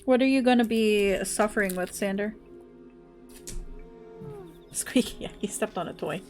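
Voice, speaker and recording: A woman's voice: medium pitch, unhurried, darkish tone, faint music behind. A woman streaming a game live, chatting casually, laughing often and cooing at her dog. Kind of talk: casual livestream chat.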